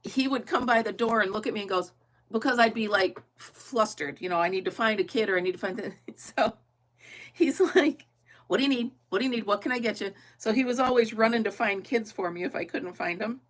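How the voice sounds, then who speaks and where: A middle-aged woman crafts on a livestream, chatting casually with her viewers, thinking out loud and laughing a lot. Her voice is mid-range and her pace is brisk.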